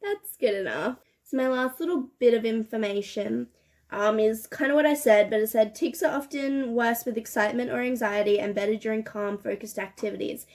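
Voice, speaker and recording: A woman's voice: fairly high pitch, moderate pace, a little mellow. A young woman chatting casually while doing her makeup, laughing and swearing often. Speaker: beauty vlogger. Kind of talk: get-ready-with-me chat.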